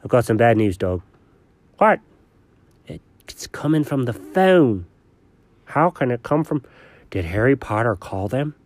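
A man voicing a low, self-important male pet character who talks slowly and grandly. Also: very animated, dry recording. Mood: hushed.

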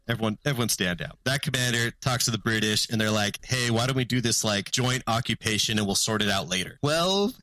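A man's voice: mid-range voice, fairly quick, few pauses, no room sound. A man co-hosting a podcast, telling a history story in casual chat and acting out the people in it. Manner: animated, acts out characters in his story, laughs often.

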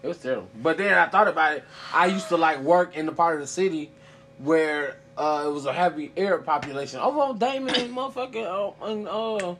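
Man, quick banter, fast pace, blunt, casual chat. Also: on the high side, a bit bright, a little hiss or hum.

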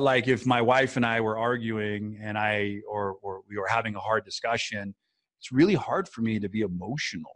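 Reflective and meandering, an author appearing as a podcast guest or co-host chats about his feelings with sincerity and plenty of fillers. His voice is on the low side, his intonation fairly level, and his speed normal, with no room sound.

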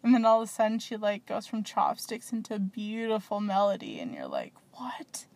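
A woman's voice: medium pitch, wildly swooping pitch, brisk, gravelly, darkish tone, no echo. A woman hosting a small podcast, rambling and gushing in casual chat with lots of fillers. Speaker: podcast host.

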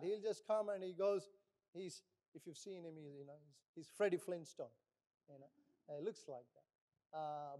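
A middle-aged male pastor preaching a sermon, animated, acting out little voices in his stories. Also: sits high.

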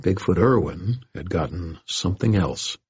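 A man reads a first-person story in a very deep, husky voice, steady and dry with a wry edge. The recording is dull and lo-fi. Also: measured pace. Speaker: audiobook narrator. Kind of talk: scripted first-person narration. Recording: dull lo-fi audio.

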